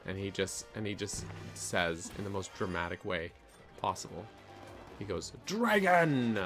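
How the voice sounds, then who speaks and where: Guy streaming a game, lowish voice, rambles goofy stories, restarts a lot, bit of game music behind. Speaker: gaming streamer. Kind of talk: casual gameplay commentary.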